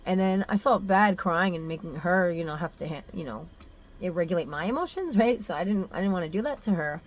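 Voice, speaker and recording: A woman's voice: on the low side, lively intonation, a little fast. A young adult woman telling a personal story in a candid, emotional vlog, full of fillers and restarts. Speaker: mother sharing a personal story.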